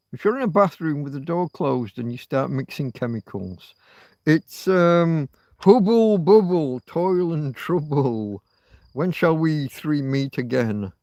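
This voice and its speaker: Brit guy rambling on a stream, slow gravelly voice, mutters and swears to himself. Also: medium pitch, expressive, darkish tone, no echo. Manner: muttering, swearing, thinking aloud. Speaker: livestream host. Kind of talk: rambling casual livestream chat.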